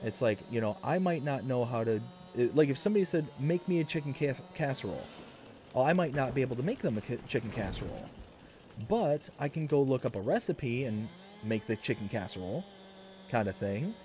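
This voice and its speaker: A man's voice: mid-range voice, expressive, a little fast, darkish tone, a little hiss or hum. A man in his thirties chatting casually on a live stream, rambling with lots of fillers and restarts.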